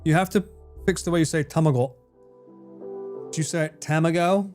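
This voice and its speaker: A man's voice: fairly high pitch, moderate pace, long pauses, darkish tone, faint music behind. A man chatting casually on a live stream, laughing often and swearing freely as he reads chat.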